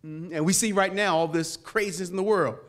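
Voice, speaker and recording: A middle-aged man, a pastor, preaching a lively sermon to a live audience, calling for responses and swinging from quiet asides to shouts. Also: sits high, fairly quick. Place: conference hall before a live audience.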